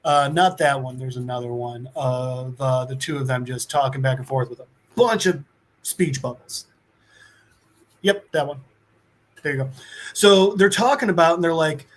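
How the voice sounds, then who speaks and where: A man's voice: mid-range voice, normal speed. A man co-hosting a podcast, casually recapping a comic book in a rambling, profane way, full of "uh" and "like" and with bits of acted-out dialogue. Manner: rambling, profane, filler-heavy, acts out quotes. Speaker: podcast co-host.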